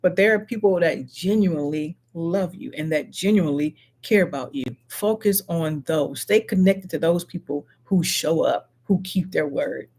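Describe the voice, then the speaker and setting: A middle-aged woman with a lowish, darkish voice and a breathy edge hosts a motivational live stream, sitting near the mic. Earnest and slow, she loops back over each affirmation as if talking to one viewer.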